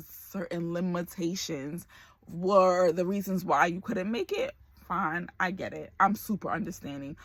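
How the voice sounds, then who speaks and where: A woman's voice: lowish voice, a bit bright, husky, dry recording. A woman in her forties talking candidly to camera in a personal vlog, emotional and close to tears. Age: 40s. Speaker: vlogger.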